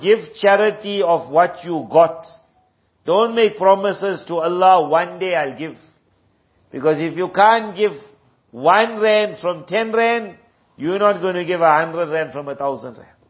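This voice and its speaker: A man from South Africa preaching a sermon, telling stories and reciting Arabic verses. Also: high voice. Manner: storytelling with Arabic recitations, acting out characters. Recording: dull lo-fi recording.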